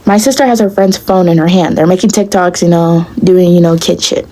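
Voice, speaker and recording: A young woman telling a storytime to her viewers in a casual, blunt, profane and animated way. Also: on the low side, fast, low-quality recording. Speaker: vlogger.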